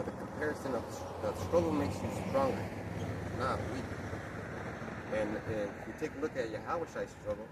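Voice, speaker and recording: A man preaching in a casual street-sermon manner, emphatic and crude, with heavy profanity. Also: medium pitch. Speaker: lay preacher. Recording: distant mic with loud outdoor traffic noise.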